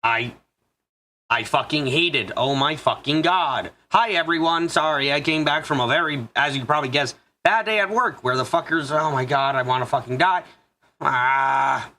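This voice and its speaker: A man's voice: fairly high pitch, pushed and bright. A young man hosting a game playthrough, venting in a profane, exasperated rant. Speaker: let's play host. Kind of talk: casual gameplay commentary, venting.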